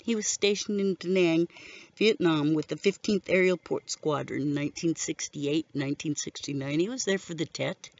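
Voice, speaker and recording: A woman's voice: sits low, moderate pace. Grieving middle-aged woman, dull lo-fi recording. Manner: grieving, earnest, steady recounting. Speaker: widow telling her story. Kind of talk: personal testimony narration.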